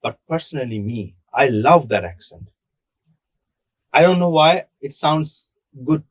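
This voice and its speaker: A man's voice: fairly high pitch, lively intonation, a little slow, slightly rough, no echo. A young man from Bangladesh, talking casually on a podcast and making his points emphatically with rhetorical questions. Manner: emphatic, asks rhetorical questions and answers them. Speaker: podcast co-host. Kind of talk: casual discussion.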